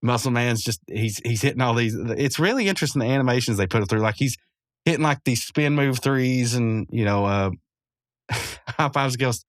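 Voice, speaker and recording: Speaking at a moderate pace in a medium-pitched voice, this podcast host recaps a cartoon episode into a close mic, and the recording is dry. He rambles casually, chuckling frequently and correcting himself as he goes.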